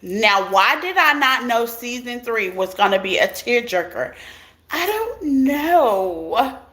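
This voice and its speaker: A woman's voice: fairly high pitch, expressive, unhurried, bright, forceful tone. A woman giving a casual tarot reading to her viewers, chatty and laughing often as she talks straight to them. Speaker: tarot reader. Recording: clear background noise.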